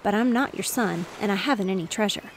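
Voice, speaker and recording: Woman reading a kindly old seaman, gruff and homespun, with faint waves behind. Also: mid-range voice, fast, slight background noise, natural voice, poor audio. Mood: homely. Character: kindly old retired male sailor.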